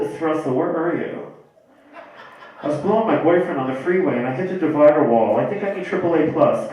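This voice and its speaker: A man voicing his flamboyant gay cousin rambling giddily into voicemails, in a shrill, breathless way. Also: darkish tone, highs cut off, close to an everyday voice. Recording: echoey club from far off.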